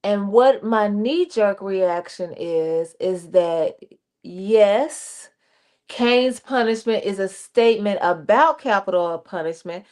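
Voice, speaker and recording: A woman reverend hosting a livestream faith talk, speaking animated and direct to her listeners. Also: mid-range voice, slow. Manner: animated, addresses listeners directly, acts out quotes. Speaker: reverend and show host.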